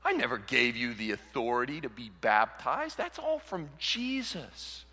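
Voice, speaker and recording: A man delivers a sermon from the pulpit, his bright, forceful voice rising and falling with big swings in pitch. He acts out the people he quotes and moves from hushed asides to sudden shouts. A long reverb trails behind him, as in a large hall. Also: sing-song, measured pace. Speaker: pastor.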